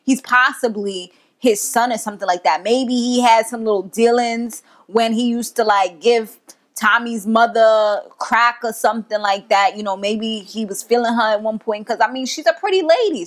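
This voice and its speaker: A woman's voice: fairly high pitch, normal speed, fairly bright tone. Chatty young woman recapping a show. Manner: chatty, slangy, laughs while retelling. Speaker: TV show reviewer. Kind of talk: casual episode recap.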